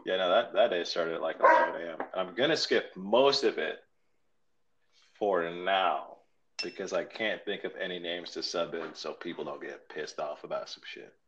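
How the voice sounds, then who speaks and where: A man's voice: low voice, moderate pace, a bit bright, muffled recording, slight background noise. A man in casual chat as a podcast co-host, joking and swearing loosely. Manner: loose, profane, joking banter.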